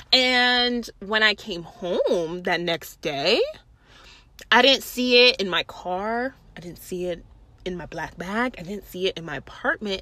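A young woman telling a casual, profane story about a theft, acting out everyone's lines in lively voices. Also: medium pitch, unhurried, no echo. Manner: animated, profane, acts out others' voices.

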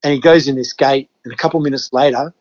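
A man's voice: mid-range voice, fairly even intonation, fast, highs cut off. Laid-back Australian man telling stories. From Western Australia. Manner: laid-back, swears freely, acts out his own reactions. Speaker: podcast guest. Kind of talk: casual storytelling.

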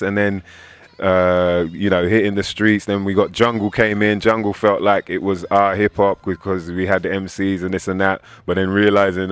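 A man's voice: deep voice, moderate pace, smooth, no room sound. A man in his thirties with an English accent, a rapper talking casually in an interview and acting out the voices of people he quotes. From England. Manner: animated storyteller, acts out quoted voices.

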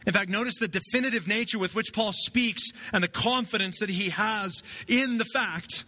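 Bright-voiced male pastor preaching. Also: sits high, normal speed. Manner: conversational, asks "right?" often. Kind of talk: sermon.

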